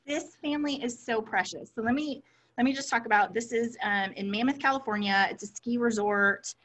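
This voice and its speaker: A woman's voice: a little high, a little fast, a bit bright. A woman co-hosting a casual chat, effusive and affectionate, with frequent "like" and "um" fillers. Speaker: podcast co-host.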